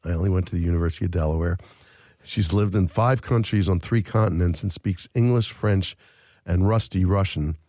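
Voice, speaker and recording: A man's voice: deep voice, fairly quick, warm tone, no room sound. A man hosting an interview from a studio, chatty and joking, with lots of fillers. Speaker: podcast host.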